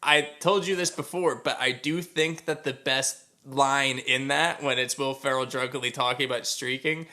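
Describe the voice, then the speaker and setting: A man co-hosting a podcast in casual chat, excitable and laughing often while he quotes movie lines. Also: mid-range voice, moderate pace, hardly any pauses. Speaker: podcast co-host.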